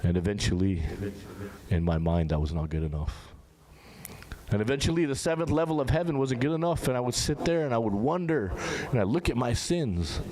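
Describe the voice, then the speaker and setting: A young man giving an informal sermon to a large gathering, talking to the audience in a conversational way and asking them questions. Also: brisk. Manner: conversational, asks the audience questions, animated rises in pitch. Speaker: speaker at a Muharram gathering. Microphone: handheld microphone. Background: crowd of listeners.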